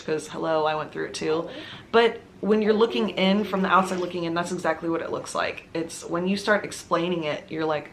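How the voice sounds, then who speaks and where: A woman's voice: lowish voice, moderate pace, a bit bright. A woman vlogging at home, telling her own story to camera in an earnest, confiding, conversational way. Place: at home with her baby nearby.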